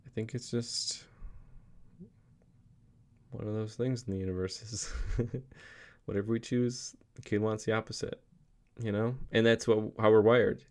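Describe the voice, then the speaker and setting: A young man with a lowish voice speaks in a casual, reflective vlog meant for his children. He rambles earnestly, often stopping and restarting his sentences, with plenty of fillers. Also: darkish tone, clean tone. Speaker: father vlogging a daily reflection.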